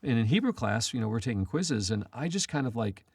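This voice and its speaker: A man's voice: medium pitch, big pitch swings, brisk, vocal fry, husky, no echo, studio quality. A man co-hosting a Christian talk show, telling personal stories in a casual, rambling way with frequent restarts. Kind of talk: casual storytelling chat.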